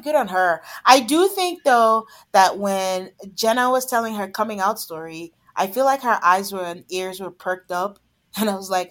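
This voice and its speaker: A woman co-hosting a podcast in casual chat, laughing often and trailing off softly. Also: medium pitch, lively intonation, moderate pace. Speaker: podcast co-host.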